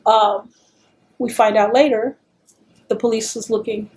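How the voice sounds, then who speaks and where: A middle-aged woman telling stories in an oral history interview, animated and acting out the voices she quotes. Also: on the high side, unhurried.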